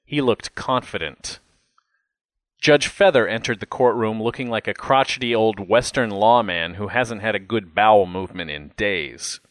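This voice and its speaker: A man's voice: lowish voice, normal speed, no room sound. A man reading a first-person memoir aloud with a wry, reflective manner. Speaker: narrator. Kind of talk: first-person audiobook narration.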